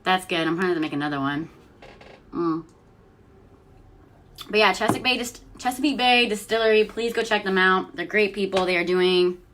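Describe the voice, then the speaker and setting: A woman's voice: fairly low pitch, fairly bright tone, a little hiss or hum. A young woman chats casually and giggles while mixing a cocktail at home for her vlog. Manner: chatty and giggly, often trailing off with fillers. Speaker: host of a news and cocktail vlog.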